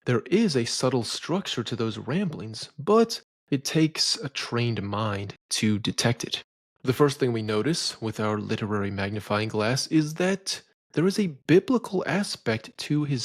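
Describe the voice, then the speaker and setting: A man's voice: mid-range voice, no echo, studio quality. A man giving a scripted lecture on poetry in a didactic, opinionated way. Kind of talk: scripted educational narration.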